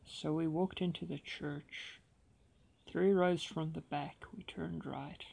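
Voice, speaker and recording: A man's voice: on the high side, fairly even intonation, takes it slowly, vocal fry, a little mellow. A man telling a personal story with dramatic flair, acting out the dialogue as he goes. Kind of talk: personal anecdote told dramatically.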